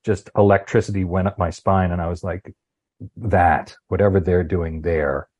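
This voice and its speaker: Husky man in his fifties, passionate. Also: low-pitched, steady tone, normal speed, a little mellow. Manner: passionate, searching for words, repeats himself. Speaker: voice actor guest. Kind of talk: conversational interview chat.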